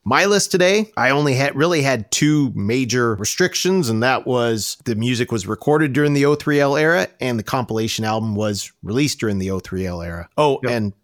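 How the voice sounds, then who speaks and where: A man co-hosts a casual music podcast and explains his list in quick, tidy sentences. His voice sits in a middle range, and it is recorded dry and close with little room sound. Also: medium pitch, expressive, no room sound. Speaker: podcast co-host.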